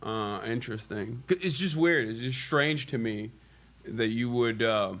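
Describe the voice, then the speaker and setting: A man's voice: mid-range voice, moderate pace, fairly bright tone. Tired streamer man rambling in a hotel room. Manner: rambling, restarts, joking banter. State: tired from little sleep. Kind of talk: casual live-stream chat. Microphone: streaming mic.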